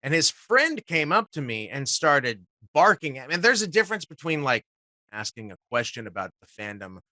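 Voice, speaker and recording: A man, a guest voice actor, telling animated stories in casual talk and swearing freely. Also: fairly high pitch, normal speed, no echo, clean studio sound. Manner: swears casually, acts out quotes. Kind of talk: animated storytelling.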